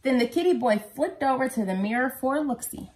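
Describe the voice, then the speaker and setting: A woman reading a picture book aloud to her children, lively and expressive. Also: sits high, fairly quick.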